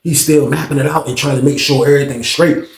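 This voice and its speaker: A man casually telling a story in a profane, animated way, laughing often. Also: mid-range voice, quick pace, vocal fry, reverberant.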